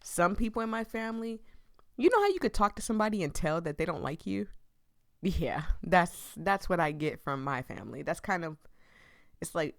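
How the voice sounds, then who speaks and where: A woman's voice: on the low side, expressive, normal speed, gravelly, dry recording, clean studio sound. A young woman streaming a story game, chatting casually with laughing asides and put-on quotes.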